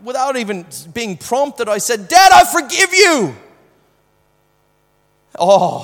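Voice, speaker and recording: A man preaching a sermon, telling a personal story with strong swings from hushed to loud, often repeating words as he starts sentences. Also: on the high side, long reverb tail.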